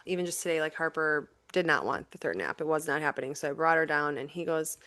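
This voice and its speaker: A woman in her thirties talks through her thoughts in a casual podcast chat, her voice sitting low. She rambles and reflects, full of fillers. The sound is dry and close. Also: fast talker, pushed and bright, no echo. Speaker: guest, teacher and mother.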